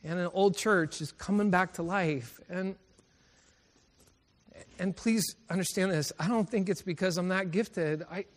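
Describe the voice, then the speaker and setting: A preacher telling stories in a reverberant chapel. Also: male voice, high voice, unhurried. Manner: storytelling, emotional, laughs often. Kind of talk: sermon. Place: college chapel. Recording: chapel recording with long reverb.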